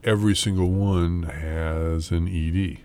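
A man's voice: low voice, fairly even intonation, measured pace, warm tone, a little hiss or hum. A middle-aged man hosting a morning radio interview, joking and teasing his guest and laughing often. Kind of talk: casual on-air interview.

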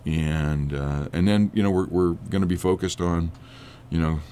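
A hoarse man with a cold, an accountant guest on a radio show, talking casually with frequent restarts. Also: deep voice, warm tone, a little hiss or hum. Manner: halting, many restarts.

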